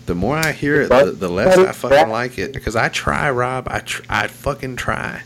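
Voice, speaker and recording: A man ranting in casual podcast banter, swearing constantly and getting animated. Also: medium pitch, moderate pace, vocal fry, slight background noise.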